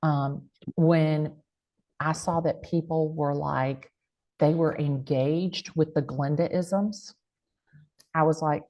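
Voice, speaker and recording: Low-voiced woman with a country accent. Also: steady tone, takes it slowly, mellow. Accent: American country. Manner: emphatic, folksy catchphrases. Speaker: real estate agent and guest speaker. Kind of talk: motivational interview talk.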